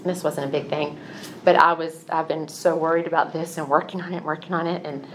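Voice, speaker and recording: A woman's voice: sits low, steady tone, a little fast, a little hiss or hum. A middle-aged woman giving a Christian teaching talk, telling personal stories in an earnest, confessional way. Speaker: Christian speaker.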